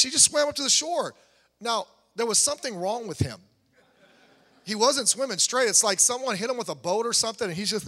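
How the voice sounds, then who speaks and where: A man preaching a sermon in a conversational, animated way, building to emphatic peaks. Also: high voice. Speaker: pastor. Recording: long hall reverb.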